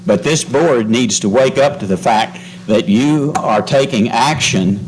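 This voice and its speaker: A man at the public comment podium presses a school board with urgent warnings. His voice has a middle pitch, and he pushes on through the chair's interruptions. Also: a little slow, slight background noise, poor audio. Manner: insistent and warning, talks over interruptions.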